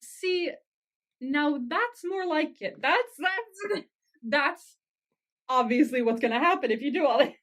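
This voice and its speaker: Woman podcast cohost, kinda high voice, reacts fast, laughs, swears. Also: animated, fairly bright tone. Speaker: podcast co-host. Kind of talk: casual recap chat.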